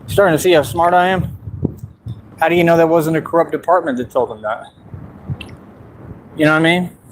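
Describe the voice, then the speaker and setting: Male streamer, slightly high voice, animated ranting, faint hiss in the background. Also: brisk, rough recording. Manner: animated, talks to an absent rival. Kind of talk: casual livestream rant. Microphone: streaming mic.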